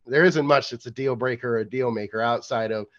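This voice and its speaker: A man with a hoarse voice from being ill, a coach and podcast guest explaining at length in a casual interview. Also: medium pitch, fairly even intonation, fairly quick, a bit bright, lo-fi sound. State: hoarse from illness.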